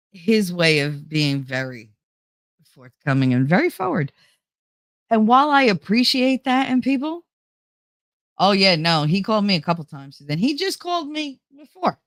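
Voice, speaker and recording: A woman with a low voice hosts her own show, chattily and animatedly retelling a story and quoting what was said, despite feeling unwell. The recording has studio quality with no echo.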